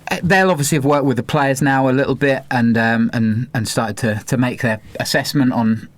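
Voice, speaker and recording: A man with a non-regional southern English accent hosts a relaxed podcast chat. His voice sits at an ordinary middle pitch. He thinks aloud as he talks and laughs easily with his co-host. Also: normal speed. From Cambridge, England.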